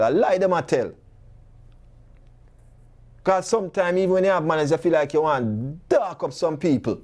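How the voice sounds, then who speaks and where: A man with a Jamaican accent, hosting a talk show monologue full of rhetorical questions and animated stories in patois. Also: on the high side, normal speed.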